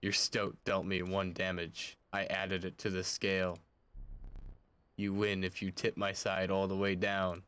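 A man voicing an ominous male game dealer, reading rules slowly and deliberately in a low voice. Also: completely flat delivery, fairly bright tone, smooth.

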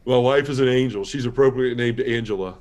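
A man giving a heartfelt personal testimony as a guest on a podcast, telling his story in an earnest, quiet way. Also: medium pitch, fast.

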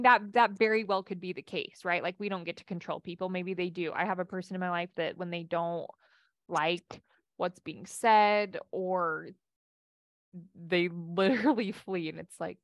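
A woman's voice: lowish voice, normal speed, dry recording, studio quality. A woman life coach giving a casual coaching talk and answering audience questions, with a chatty delivery full of restarts.

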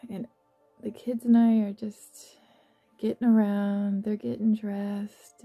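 A woman narrating a guided visualization in a soft, slow, affectionate way, with gentle laughs. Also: medium pitch, flat delivery, gravelly, phone-quality sound, faint music behind. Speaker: meditation guide.

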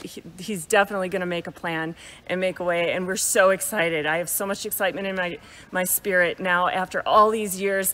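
A heartfelt woman shares a testimony into a handheld microphone, her mid-pitched voice carrying a long reverb through a church sanctuary. She speaks loudly, laughs easily and wears her emotions openly. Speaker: guest speaker sharing a ministry testimony.

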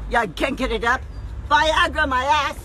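A woman's voice: sits high, normal speed, sharp tone, a little hiss or hum. A woman in a profane roadside rant, jeering and insulting a driver.

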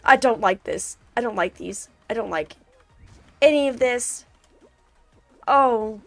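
A young woman streaming a game, reacting loudly, complaining about the levels and thanking viewers in chat. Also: a little high, takes it slowly, gravelly, no echo. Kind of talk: casual live-stream gameplay chat. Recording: faint game music behind.

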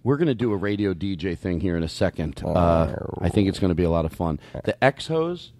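Excitable, playful podcast host man. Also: low voice, a little fast, no echo, studio quality. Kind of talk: comedy podcast banter.

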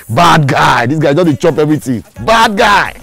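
A man's voice: fairly high pitch, very animated, moderate pace, vocal fry, fairly bright tone, full character voice. A man plays a boisterous Nigerian roommate who teases and laughs his way through every line in a comedy film. His Nigerian accent carries the Pidgin banter, and faint music plays underneath. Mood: teasing. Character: teasing joker roommate, loud and playful.

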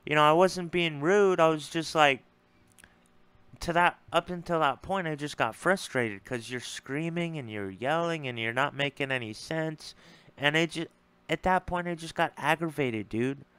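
Annoyed guy venting, blunt and cussing, smooth clean voice, dry close sound. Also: a little high, moderate pace, fairly bright tone, no room sound. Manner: frustrated, blunt and profane, repeats words. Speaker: streamer responding to a debate. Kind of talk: casual ranting monologue.

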